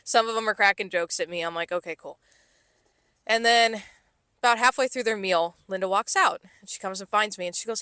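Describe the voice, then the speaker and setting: A woman who works as a server co-hosts a casual podcast, telling a work story packed with swearing and acted-out quotes in different voices. She speaks fast at a medium pitch, and there's no echo.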